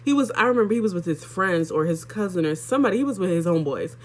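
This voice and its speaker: A woman's voice: fairly low pitch, animated, rapid-fire. Young woman vlogger, chatty and candid, talking straight to her viewers with lots of likes and you-knows. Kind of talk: casual storytelling vlog.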